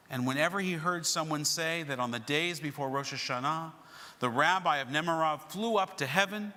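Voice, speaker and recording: A man narrates a story with dramatic, expressive turns and then leads prayers. His voice is bright and a little high, and the long echo of a sanctuary surrounds it. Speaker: service leader. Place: synagogue sanctuary. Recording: reverberant sanctuary recording.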